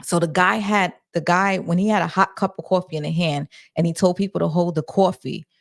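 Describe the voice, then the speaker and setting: A woman's voice: on the low side, fairly even intonation, a little fast, gravelly. A woman hosting a livestream, retelling things in a casual, rambling way with lots of fillers. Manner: flustered while managing chat. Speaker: livestream host.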